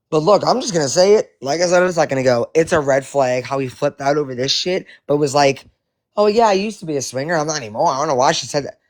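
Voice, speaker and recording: A man giving casual commentary to his viewers, animated and profane, rambling with many restarts. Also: a little high. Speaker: live-stream commentator.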